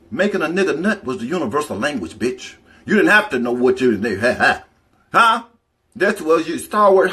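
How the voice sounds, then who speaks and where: A man's voice: on the high side, fairly bright tone. A man telling candid, profanity-filled stories on a casual livestream, rambling from one tale to the next and breaking off to greet viewers in the chat. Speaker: livestream storyteller.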